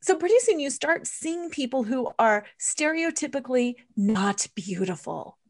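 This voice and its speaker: A woman's voice: sits high, a little slow. A woman in her fifties, a guest in an interview, telling stories and acting out her own thoughts. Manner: animated storyteller, acts out her own thoughts. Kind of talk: casual interview chat.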